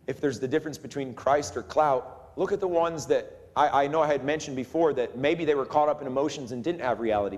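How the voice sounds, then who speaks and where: A man preaching a sermon in an animated way, acting out the voices of the people in his story. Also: mid-range voice. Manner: animated, acts out voices of the crowd. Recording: long hall reverb.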